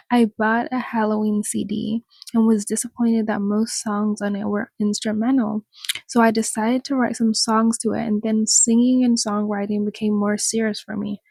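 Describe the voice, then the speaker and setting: A woman reads an article aloud for her viewers and mocks it as she goes, breaking into laughter often. Her voice sits a little high and comes out slow and gravelly. The sound is close and dry. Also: flat delivery, a little mellow, no echo. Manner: mocking, laughs often, addresses viewers as y'all. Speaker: commentary vlogger. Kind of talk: casual commentary reading an article aloud.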